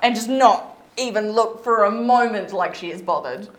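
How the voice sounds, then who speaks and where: A woman's voice: medium pitch, normal speed. A woman player in a tabletop game, talking through her character in a playful way. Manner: playful, animated.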